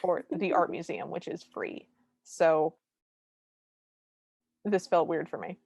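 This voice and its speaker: A woman's voice: lowish voice, steady tone, slow pace, creaky, a little mellow, husky, no echo. A woman co-hosting a podcast, recapping a movie in casual chat with wry, humorous asides. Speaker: podcast co-host.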